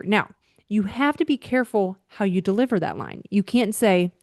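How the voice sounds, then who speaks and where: A woman coaching parents with animated, emphatic energy, often pausing to check that listeners are following. Her pitch sits in an ordinary middle range. The sound is close and dry, with no room echo. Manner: animated, emphatic teaching with frequent "okay?" check-ins. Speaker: biblical behavior coach. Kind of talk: parenting advice talk.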